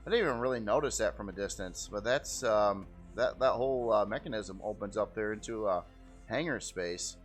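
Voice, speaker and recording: A man's voice: fairly low pitch, moderate pace, faint music behind. A man giving casual, rambling gameplay commentary as host, easygoing and often repeating how cool things look. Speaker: game video host.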